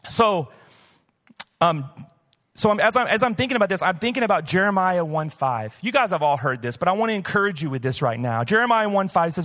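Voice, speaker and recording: A man's voice: high voice, animated, a little fast, a bit bright. A man in his fifties, a pastor from the southern United States, preaching live in a church in a conversational, storytelling way. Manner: conversational, personal storytelling with many "like" fillers. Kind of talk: sermon. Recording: live church hall reverb.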